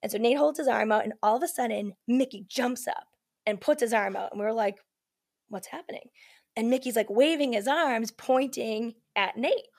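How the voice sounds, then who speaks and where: A woman with a somewhat high voice, telling a story as a guest in a casual podcast chat. She talks in an easy, rambling way, leans on "like" and "you know", and acts out what others said with lively quoted voices. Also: a little fast. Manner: chatty, heavy use of "like" and "you know"; animated, acts out quoted lines.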